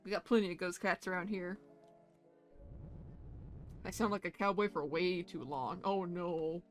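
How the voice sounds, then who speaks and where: A woman's voice: fairly low pitch, steady tone, a little slow, faint music behind. A woman streamer chatting playfully with lots of giggles while playing a story game. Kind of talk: casual game commentary.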